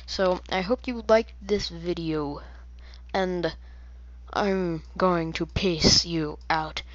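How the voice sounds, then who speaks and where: Woman, lowish voice, goofy rambling gameplay commentary, muffled lo-fi mic. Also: takes it slowly. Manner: playful, rambling, silly asides. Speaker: gaming video creator.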